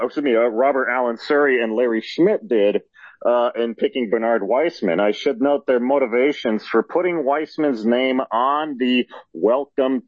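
A man's voice: medium pitch, no echo, highs cut off. A man calling in to a talk program, politely cutting in and correcting himself as he adds a point. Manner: polite, quick interjection with self-corrections. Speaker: caller or guest. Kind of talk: talk radio call-in remark.

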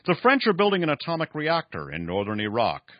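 A man voicing a frail, dying old man who coldly lectures with a raspy voice. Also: a little high, huge pitch swings, brisk, no echo, muffled recording, pitched above the performer's own voice. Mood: cold, lecturing. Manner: raspy, pronouncing grim verdicts.

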